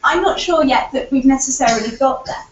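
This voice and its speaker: A woman's voice: sits high, fairly quick, a little hiss or hum. Woman presenting in an echoey hall. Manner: earnest, argumentative, frequent fillers like "kind of". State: recovering voice. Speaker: conference speaker. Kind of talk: conference presentation. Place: lecture hall. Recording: echoey hall, distant, dull lo-fi audio.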